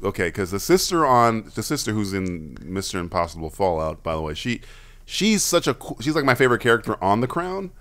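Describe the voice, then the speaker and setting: A man co-hosting a podcast, talking loudly and quickly with lots of laughter and casual swearing. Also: fairly low pitch, very animated. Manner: loud, quick, laughing banter. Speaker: podcast co-host. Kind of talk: casual chat.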